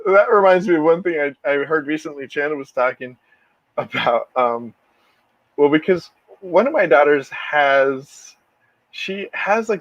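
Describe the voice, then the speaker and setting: A man's voice: fairly high pitch, dry recording, lo-fi sound. A middle-aged man co-hosting a podcast, telling rambling, laughing anecdotes in casual chat. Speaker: podcast co-host.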